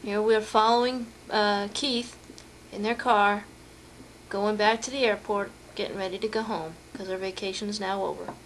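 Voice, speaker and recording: A woman's voice: mid-range voice, steady tone, moderate pace, a little hiss or hum. A woman narrating family vacation photos in a chatty storytelling way, with fillers and restarts. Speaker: home video narrator.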